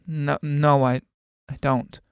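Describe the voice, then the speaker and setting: A man's voice: on the high side, level tone, takes it slowly, a little mellow, clear, resonant tone, no room sound, clean studio sound. A man playing a timid young cadet who stammers and hesitates.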